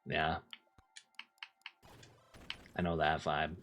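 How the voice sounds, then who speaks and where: A man's voice: extremely low pitch, flat delivery, drawn-out words, a bit bright, soft background music. A young man casually chatting with his chat while streaming a game, laid-back and talkative. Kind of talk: casual gameplay commentary.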